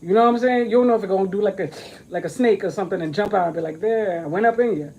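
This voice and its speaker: A woman's voice: medium pitch, steady tone, rapid-fire, vocal fry, mellow, muffled recording. A woman talking straight to camera in a casual vlog about an astrology reading, swearing often, emphatic and joking as she rambles.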